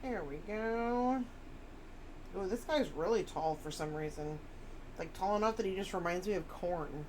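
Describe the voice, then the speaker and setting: A woman's voice: medium pitch, moderate pace, darkish tone, a little hiss or hum. A woman chatting casually on a live stream, rambling and reading chat messages aloud.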